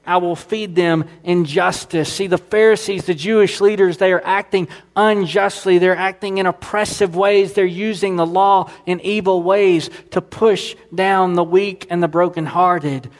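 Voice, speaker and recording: Earnest preaching man, fairly high voice. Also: steady tone, unhurried, hardly any pauses. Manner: earnest preaching, rising in emphatic repetition. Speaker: pastor. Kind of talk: sermon.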